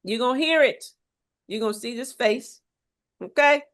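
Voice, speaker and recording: A woman's voice: a little high, moderate pace, fairly bright tone. A woman health coach giving an emphatic, preachy motivational talk, full of faith, repeating "okay?" to drive each point home. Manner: faith-filled and exhortative.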